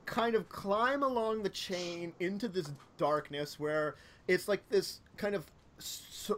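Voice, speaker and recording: Brief: male game master, rambling narration full of fillers, a bit high voice. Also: fairly bright tone. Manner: rambling, lots of fillers and self-corrections.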